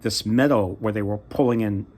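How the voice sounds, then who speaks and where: A man casually retelling a fairy tale from memory, halting and often trailing off to restart. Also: lowish voice, a little mellow, slight background noise. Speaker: storyteller.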